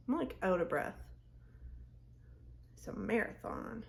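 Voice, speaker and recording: This young woman has a gravelly, medium-pitched voice with lively intonation, and she talks unhurriedly, pausing often. Recording on her phone by a mirror at home, she rambles through a casual makeup tutorial and frequently cuts herself off.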